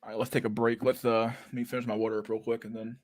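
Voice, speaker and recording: A man's voice: medium pitch, level tone, very fast, no room sound, clean studio sound. A young man from Canada, rambling and swearing casually as the host of a livestream chat. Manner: rambling, profane, laughs at memes.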